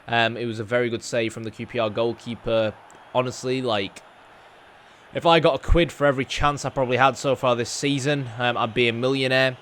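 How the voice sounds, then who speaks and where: A man's voice: mid-range voice, fairly even intonation, brisk, fairly bright tone, a little hiss or hum. A young man talks through his football game in a loose, chatty way. He rambles, fills gaps with ums and ahs, and pokes fun at himself. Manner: chatty, self-deprecating, rambling with fillers. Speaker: gaming YouTuber. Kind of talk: casual gameplay commentary.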